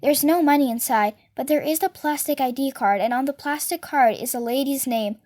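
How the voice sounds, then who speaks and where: A woman reading a novel aloud as a storyteller, with steady and expressive delivery. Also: high voice, brisk.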